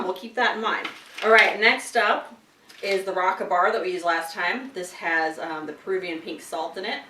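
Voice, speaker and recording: A woman's voice: medium pitch, normal speed, sharp tone. Chatty woman host in a roomy space. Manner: chatty, talks while chewing, frequent laughs. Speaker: wine and chocolate tasting host. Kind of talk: casual tasting vlog. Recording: roomy sound from some distance.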